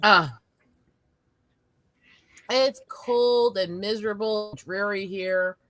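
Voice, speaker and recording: A woman's voice: mid-range voice, takes it slowly, fairly bright tone, no room sound. A woman from the South Dakota and Montana area hosting a casual chat, talking in a blunt, profane, rambling way. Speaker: host.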